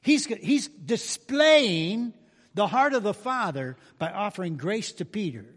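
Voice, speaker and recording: A man's voice: high voice, sing-song, unhurried. A man pastor giving a sermon in a folksy, humorous, conversational way with sudden emphatic bursts. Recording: reverberant church hall.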